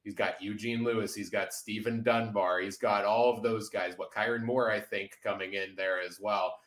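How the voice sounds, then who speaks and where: A man's voice: on the low side, fairly even intonation, moderate pace, a bit bright, roomy sound, poor audio. A man hosting a casual sports podcast roundtable, analytical and steering the talk, with frequent "uh" fillers. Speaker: podcast host.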